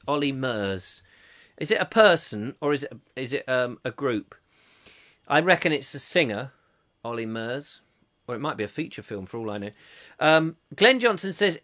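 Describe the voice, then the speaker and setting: A man's voice: a little high, bright, forceful tone. A man from England hosting a comic live chat show, reading out viewer comments and rambling off into jokes. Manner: rambling, jokey, slips into silly voices. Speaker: host.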